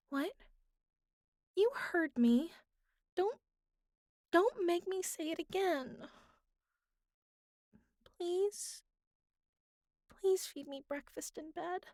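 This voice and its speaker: Woman doing a clingy young captive for an audio role-play; high, slow, needy. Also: no room sound, clean studio sound. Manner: pouty, then softly pleading. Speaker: voice actor.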